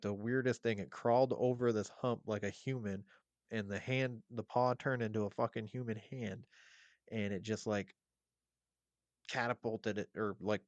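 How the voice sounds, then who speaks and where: A man as a podcast guest, telling an eerie story in a casual, animated, profane and rambling way. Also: lowish voice, no room sound.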